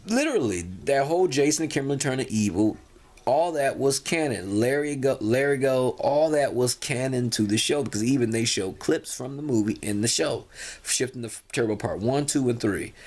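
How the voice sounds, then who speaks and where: A tired man talking casually to his viewers, rambling with many restarts and fillers. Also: mid-range voice. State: tired, yawning. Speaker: vlogger. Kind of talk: casual talk to camera.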